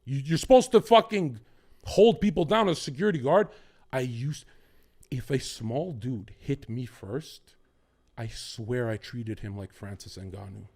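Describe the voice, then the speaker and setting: A man's voice: medium pitch, lively intonation, unhurried, vocal fry, a little mellow. A man talking as a podcast guest, rambling and swearing as he jumps from one topic to the next. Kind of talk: casual podcast chat.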